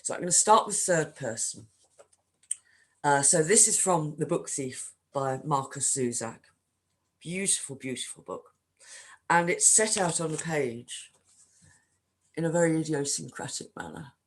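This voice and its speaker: A woman's voice: low voice, expressive, unhurried, pauses often. A woman leading a writing workshop, talking conversationally with frequent filler ums. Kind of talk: online workshop talk.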